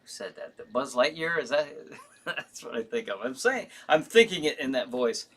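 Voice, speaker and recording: A man hosting a live stream in a loose, chatty way. His pitch moves around a lot as he reads out viewer comments and answers them. He rambles, fills pauses and circles back on himself. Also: expressive, a bit bright. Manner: rambling, with many fillers and restarts. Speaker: host. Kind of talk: casual live-stream chat.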